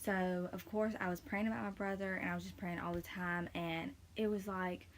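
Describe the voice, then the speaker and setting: A woman's voice: on the low side, level tone, normal speed, slight background noise. Young woman sharing an emotional testimony. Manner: rambling, many fillers and restarts, emotional and near tears. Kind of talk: casual personal testimony.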